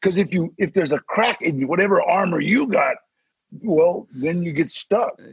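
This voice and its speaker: An older man with a gravelly, husky voice tells stories in a relaxed interview, his pitch swinging widely as he acts out the people he quotes and drops low into growled threats. The sound is dry and a little dull. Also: moderate pace, dry recording. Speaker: podcast guest, actor. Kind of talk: casual storytelling interview.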